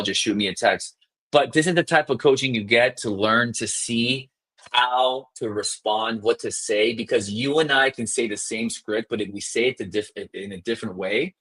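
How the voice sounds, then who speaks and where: A man coaching real estate agents on sales calls in a live session, talking fast and emphatically and acting out call scripts. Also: on the low side, a bit bright, breathy edge. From South Florida.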